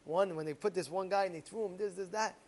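A man casually telling a parable as a moral lesson, animated and rambling, with repeated fillers. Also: sits high, fast, a little hiss or hum. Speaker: storyteller giving a moral lesson.

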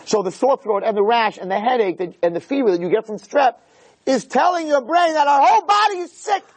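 A man giving an animated Torah lecture as a rabbi. He repeats key phrases, asks rhetorical questions, and swings from low murmurs to near shouts. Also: brisk. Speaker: rabbi teaching a Torah class.

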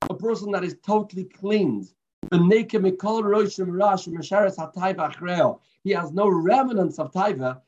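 A man giving a daily religious lesson as a rabbi, telling stories in an earnest, unhurried way. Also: high voice. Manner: earnest, unhurried storytelling teacher. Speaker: rabbi teaching a daily class. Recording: muffled lo-fi recording.

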